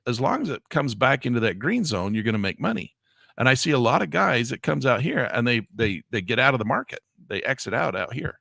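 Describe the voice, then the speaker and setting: Male trading teacher, gravelly and animated, griping at his tools, voice leaping high in exasperation. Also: no room sound, clean studio sound. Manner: chatty, grumbles at software, voice jumps high when exasperated. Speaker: trading instructor. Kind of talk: live trading lesson.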